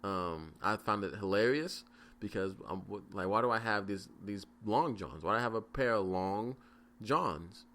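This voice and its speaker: Low-voiced, bright-toned man in his twenties. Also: lively intonation, normal speed. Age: 20s. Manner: rambling, profane, many fillers and restarts. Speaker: podcast host. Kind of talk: casual solo podcast storytelling.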